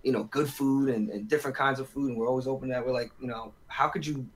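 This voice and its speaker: A man's voice: medium pitch, fairly even intonation, fast, poor audio. A man in his thirties, a guest musician on a casual podcast, talking in a laid-back way full of fillers and restarts.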